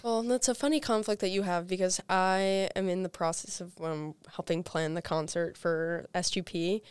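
A woman's voice: fairly low pitch, normal speed, smooth, no room sound. A young woman co-hosting a podcast, chatting casually and telling stories with lots of fillers. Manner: chatty, animated storytelling with many fillers. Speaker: podcast co-host. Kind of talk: casual chat.

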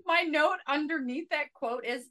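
A woman's voice: sits high, pushed and bright. A woman co-hosting a podcast about a TV series. She chats about episodes with enthusiasm and laughs often. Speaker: podcast co-host. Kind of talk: casual pop-culture recap chat.

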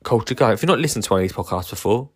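A man's voice: on the low side, lively intonation, very fast, slightly rough. Rambling, upbeat man. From England. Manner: rambling and enthusiastic, many fillers and restarts. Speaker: podcast host. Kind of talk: casual solo podcast monologue.

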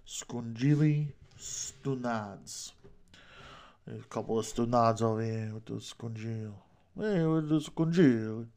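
A man voicing a loud Italian-American street guy with a heavy New York accent, heckling. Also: medium pitch, takes it slowly.

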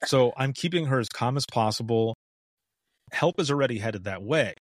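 A man's voice: medium pitch, moderate pace, dry recording, studio quality. A middle-aged man from Southwest Michigan, a former 911 dispatcher, telling stories in a casual chat and acting out the voices of the people in them. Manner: animated, acts out the voices in his stories, laughs often. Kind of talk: storytelling in casual conversation.

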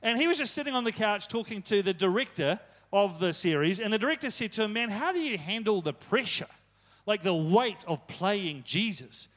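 Young male preacher, light high voice, relaxed talky delivery with humorous asides. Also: moderate pace. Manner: casual, joking asides, retold quotes. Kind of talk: conversational sermon.

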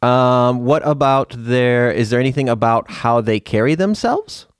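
A man's voice: medium pitch, measured pace. A man co-hosting a casual faith podcast, upbeat and playful, prone to tangents. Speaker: podcast co-host.

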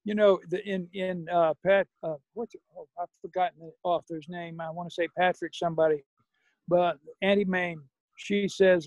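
A middle-aged man, a podcast guest, talking about recovery in a measured, folksy way. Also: high-pitched, fairly even intonation, no echo, muffled recording. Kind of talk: reflective recovery conversation.

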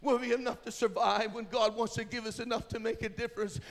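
A man preaching a revival sermon in church, moving from hushed storytelling to shouted, fervent declarations. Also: very high-pitched, level tone, fast talker.

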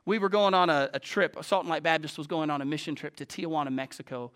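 A male pastor delivering a sermon with a bright, forceful tone and a somewhat high voice. He preaches emphatically, rising to loud declarations and then dropping to a hushed, intimate telling. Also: steady tone, fast talker, clear, resonant tone.

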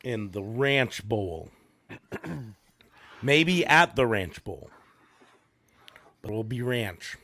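A man co-hosting a casual chat, rambling with many pauses and fillers. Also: mid-range voice, expressive, sharp tone. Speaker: podcast co-host.

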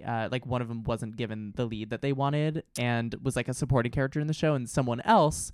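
A man's voice: mid-range voice, fairly quick, clean tone, no echo. Chatty young man, dry close mic. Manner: chatty, animated storytelling with many fillers and restarts. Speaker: podcast guest. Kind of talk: casual chat.

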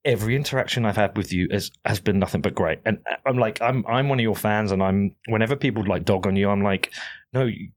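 A man's voice: fairly low pitch, fast, few pauses. A man chatting as a podcast guest in a candid, self-deprecating way. He rambles with plenty of fillers and swears casually. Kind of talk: casual conversation.

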